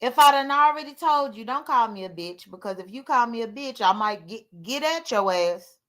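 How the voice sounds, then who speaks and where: A woman speaking hosts a livestream, and her talk runs candid, emotional and rambling. Her voice sits high and comes out bright and clear. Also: expressive, moderate pace. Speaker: livestream host.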